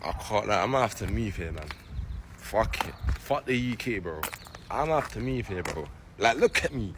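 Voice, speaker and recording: A man vlogging to camera, excited, slangy and swearing. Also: lowish voice, normal speed, background noise. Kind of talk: casual vlog to camera.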